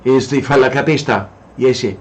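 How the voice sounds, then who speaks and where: A man co-hosting a casual chat, dry and hesitant, clearing his throat at times. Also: mid-range voice, brisk. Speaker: podcast co-host. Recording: dull lo-fi mic with faint noise.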